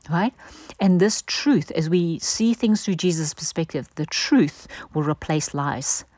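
A middle-aged woman giving an earnest devotional teaching, gentle in manner and dropping to a soft breathy hush at times. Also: deep voice, no echo. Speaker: Christian teacher.

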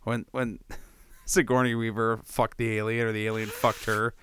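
A man's voice: on the low side, flat delivery, moderate pace, a bit bright, slight background noise. A man in casual conversation, laughing often and teasing his friend. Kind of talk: casual chat.

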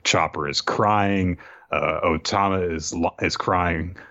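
A man's voice: low-pitched, fairly even intonation, takes it slowly, sharp tone. A man on a podcast animatedly retelling an anime episode in casual, profane chat. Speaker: podcast co-host. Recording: dull lo-fi sound.

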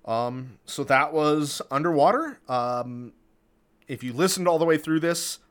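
A man's voice: a little high, lively intonation, unhurried, clear, resonant tone. Rambling casual male podcaster. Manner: rambling, filler-heavy, laughs often. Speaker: podcast co-host. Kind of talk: casual chat.

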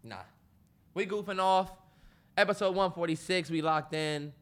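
A man co-hosting a podcast in casual chat, animated, laughing loudly and acting out what people would say. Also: high-pitched, normal speed. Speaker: podcast co-host.

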